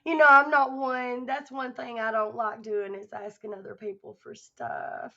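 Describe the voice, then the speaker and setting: A woman is chatting on a livestream, her voice a little high and gravelly with fry. She sounds tired, rambles, and talks affectionately to her viewers. The audio is dull and lo-fi. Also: flat delivery, normal speed, hardly any pauses, pushed and bright. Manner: affectionate, rambling, laughs often. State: tired, voice starting to go. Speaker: livestream host. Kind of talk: casual livestream chat with viewers.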